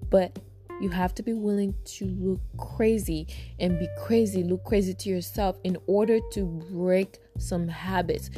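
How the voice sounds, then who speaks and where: A woman's voice: mid-range voice, warm tone. A woman hosting a self-help podcast, talking casually and emphatically to her listeners, repeating phrases for stress. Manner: talks straight to listeners as "you guys". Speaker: podcast host.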